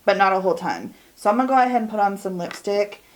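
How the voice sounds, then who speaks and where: Applying her makeup at home, a beauty vlogger in her forties talks fast at medium pitch in a chatty get-ready-with-me vlog. She rambles candidly, drawling and letting her sentences trail off.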